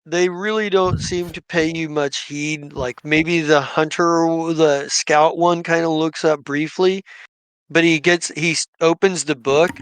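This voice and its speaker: A man's voice: fairly high pitch, fairly bright tone, clean tone, no room sound. A man narrating a tabletop game as game master, hesitant and full of restarts. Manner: hesitant, many fillers and restarts.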